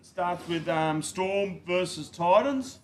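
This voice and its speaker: A man's voice: sits high, lively intonation, slow pace. A man with an Australian accent hosting a casual footy tipping segment, laid-back and joking, going through the fixtures with plenty of fillers.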